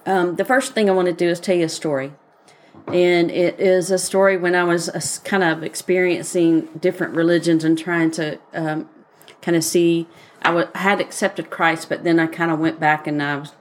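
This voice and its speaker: Chatty Southern woman, lower voice. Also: level tone, normal speed. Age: adult, grown daughter. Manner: rambling, personal storytelling with many fillers. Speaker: podcast co-host. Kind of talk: casual faith chat.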